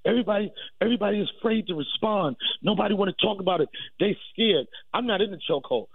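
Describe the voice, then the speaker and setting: A man, a comedian guest, jokes and brags in a playful comic riff during a radio interview. His voice sits a bit high and comes through dry and tinny, like a phone line. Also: lively intonation, quick pace, gravelly, husky, dry recording. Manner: boastful, playful comic riffing.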